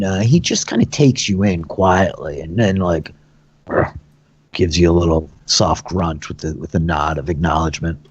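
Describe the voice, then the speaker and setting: Animated, chatty dungeon master man. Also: low-pitched, husky, no room sound. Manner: loose and chatty, filled with "like". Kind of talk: narrating a tabletop game. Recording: dull lo-fi sound in a dry room.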